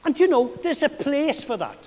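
A middle-aged man with a South Welsh accent preaching a sermon, chatty and animated, with self-deprecating asides. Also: very high-pitched, moderate pace. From South Wales. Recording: long hall reverb.

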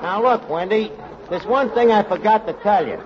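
An actor playing a brash, scheming male bartender in a 1940s radio comedy, talking fast and wisecracking. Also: sits high, crowd noise, noisy background, lightly acted. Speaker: show's lead character. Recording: dull old radio broadcast before an audience.

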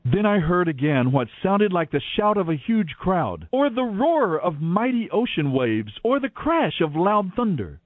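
A man giving a dramatic, expressive scripture reading on radio, heard over tinny lo-fi audio. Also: sits high, unhurried, few pauses, dry recording. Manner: expressive, declaiming delivery. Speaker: Bible reader on radio.

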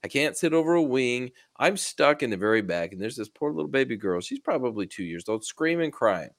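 A man's voice: medium pitch, big pitch swings, brisk. A man co-hosting a casual podcast, ranting and swearing in a passive-aggressive way. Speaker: podcast co-host. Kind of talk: casual chat.

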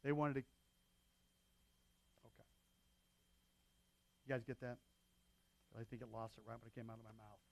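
A man's voice: mid-range voice, fairly even intonation, normal speed, creaky, long pauses. A man preaching a sermon as pastor, talking in a loose, conversational way with frequent asides to the congregation.

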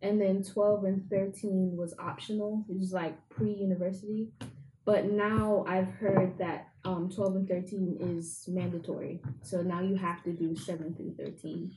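A woman's voice: on the low side, little pitch movement, unhurried, noisy background. Laughing woman with a British-Jamaican accent. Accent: British with Jamaican influence. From England. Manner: laughs easily, playful. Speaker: guest. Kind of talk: casual chat.

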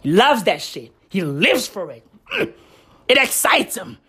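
Profane, animated woman ranting on a podcast. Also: mid-range voice, slow, breathy edge. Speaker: podcast host. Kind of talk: casual solo podcast rant.

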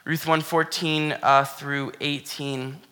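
Casual, earnest male preacher, slightly high and bright, conversational sermon delivery. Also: flat delivery, slow, clean tone. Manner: casual, earnest, peppered with "like" and "you know". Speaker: pastor. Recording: long hall reverb.

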